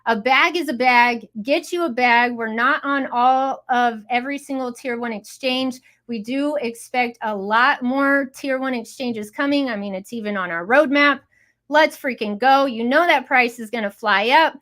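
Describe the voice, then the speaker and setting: A woman's voice: on the high side, moderate pace, fairly bright tone. A woman hosting a live online audio room, hyped and chatty with lots of exclamations. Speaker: host.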